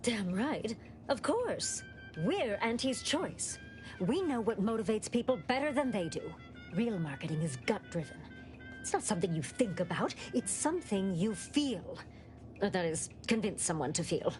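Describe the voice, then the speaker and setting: A woman's voice: mid-range voice, sing-song, moderate pace, darkish tone, soft background music, close to an everyday voice. A woman voicing a brash corporate marketing chief in a video game, talking in old-timey salesman slang.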